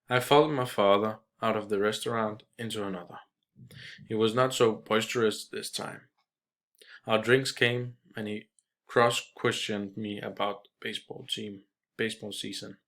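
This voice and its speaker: A man reading a short story aloud in a measured way, with small restarts. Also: lowish voice, fairly even intonation, fairly bright tone. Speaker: reader.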